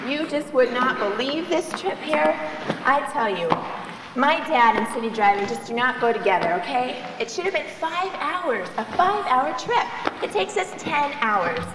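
A woman's voice: high-pitched, expressive, moderate pace. A young woman playing a chatty, self-absorbed college freshman in a live stage skit, gushing on and on about herself. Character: chatty spoiled female college freshman moving in. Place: large hall, on stage. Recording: echoey hall from far off, noisy.

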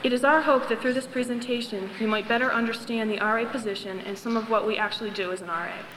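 A young woman working as a resident assistant, introducing a skit to an audience with a measured, formal announcement. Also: on the high side, fairly even intonation. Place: large hall, on stage. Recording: echoey hall, noisy.

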